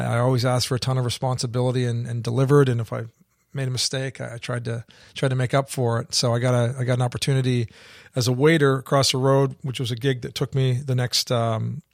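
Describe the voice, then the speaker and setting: A middle-aged man from Canada, a guest in an interview, telling his story in a halting way with many restarts. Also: medium pitch, vocal fry, no room sound, studio quality.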